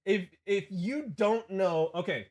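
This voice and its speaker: A man's voice: high-pitched, slow pace, darkish tone. A young man from Hawaii chatting casually on a game stream, rambling with many restarts and laughing asides.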